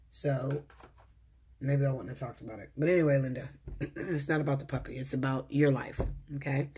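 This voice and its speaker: A woman in a casual monologue, cursing freely and talking straight at her listener. Her voice is husky with a slightly breathy edge. She comes across blunt and animated, like a tarot reader telling a story from her own life. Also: deep voice. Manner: profane, blunt, animated, addresses viewer directly.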